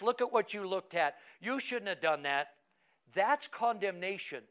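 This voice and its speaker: A man with a high voice preaches to his class. He asks the room questions and calls on people by name as he teaches. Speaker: pastor. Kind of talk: sermon teaching.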